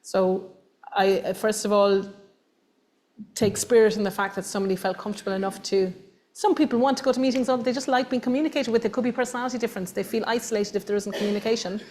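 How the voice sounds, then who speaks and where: Irish woman, workshop presenter, mid-pitched, emphatic and animated delivery to a live room. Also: fast. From Ireland. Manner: animated, emphatic, acts out voices of others. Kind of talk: lively workshop talk to an audience. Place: meeting room with audience.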